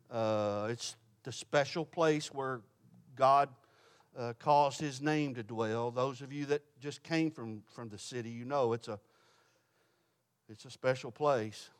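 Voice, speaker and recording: A male pastor preaching a sermon, impassioned and pleading, slipping into colloquial asides. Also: fairly bright tone. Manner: impassioned, pleading, rises in pitch when quoting scripture. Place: church sanctuary.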